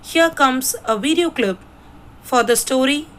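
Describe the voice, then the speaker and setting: A woman presenter reading a scripted lesson introduction in a clear, measured way. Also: sits high, lively intonation, fairly bright tone, a little hiss or hum, poor audio.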